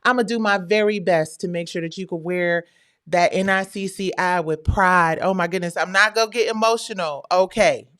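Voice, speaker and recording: Middle-aged woman, low smooth voice, chatty slangy livestream host. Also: normal speed, a bit bright. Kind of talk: casual livestream chat.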